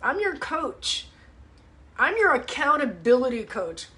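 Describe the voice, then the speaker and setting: A woman's voice: sits high, big pitch swings, unhurried, sharp tone. A woman fitness coach ranting in a blunt, opinionated way with swearing, chatting live to viewers from home. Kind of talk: live ask-me-anything chat. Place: home, livestream. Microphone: webcam or phone mic.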